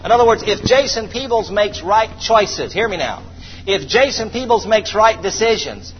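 A man preaching a sermon to a congregation, calling for responses and praising, slowing down to read scripture. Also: high voice, expressive. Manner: call-and-response, exclamations of praise. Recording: dull distant hall sound, faint noise.

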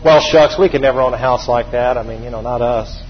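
A man's voice: medium pitch, fairly quick, breathy edge, long reverb tail, dull audio, pitched below the performer's own voice, lightly acted. A male preacher voicing a defeated, folksy man who mumbles in a resigned drawl.

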